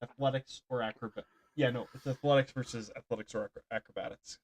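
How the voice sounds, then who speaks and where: A man's voice: medium pitch, steady tone, fast talker. A man running a tabletop game as dungeon master, talking casually, laughing and swearing a little.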